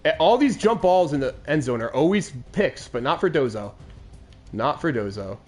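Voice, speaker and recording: A man's voice: fairly high pitch, very animated, brisk, darkish tone, faint music behind. A man in his twenties hosting a game commentary show, recapping a lost Madden game in a crude, aggrieved rant. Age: 20s.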